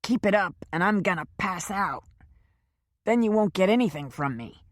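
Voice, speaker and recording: A man's voice: high-pitched, expressive, moderate pace, no room sound, clean studio sound, voice pushed up. A woman voicing a beaten, frightened male captive who gasps and cries out in pain, in an audiobook. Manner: crying out in pain, gasping.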